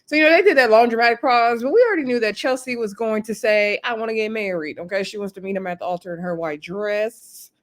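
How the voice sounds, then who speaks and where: A woman reviewing a reality show on her channel in casual chat, expressive and slangy. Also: a little high, fast, few pauses. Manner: chatty and expressive, drops into slang and acts out quotes. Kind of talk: casual recap chat to camera. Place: home setup with a ring light.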